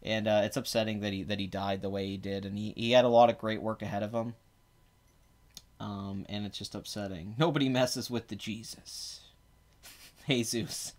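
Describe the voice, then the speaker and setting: A man hosting a podcast in casual chat, rambling and correcting himself with many fillers. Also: medium pitch. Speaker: podcast host.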